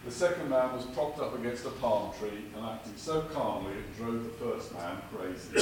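A man preaching a sermon with jokes, delivered in a lively, dramatic way in a church. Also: normal speed, few pauses. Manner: lively, dramatic delivery with big pitch swings. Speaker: guest preacher. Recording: echoey church from far off with noise.

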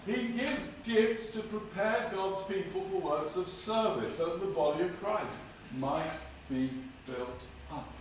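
A man preaching a sermon with jokes, delivered in a lively, dramatic way in a church. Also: a little slow, hardly any pauses. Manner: lively, dramatic delivery with big pitch swings. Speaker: guest preacher. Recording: echoey church from far off with noise.

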